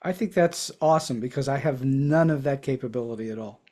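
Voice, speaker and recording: A man's voice: mid-range voice, a little fast, darkish tone. Curious man asking interview questions. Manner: curious, asks thoughtful probing questions. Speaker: podcast host.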